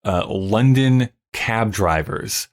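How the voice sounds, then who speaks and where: A man hosts a podcast, talking through ideas with eager, rambling enthusiasm. His voice sits on the lower side, and it is relaxed and conversational. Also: slow pace. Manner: enthusiastic, explains at length with fillers. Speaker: podcast host. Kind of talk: casual chat.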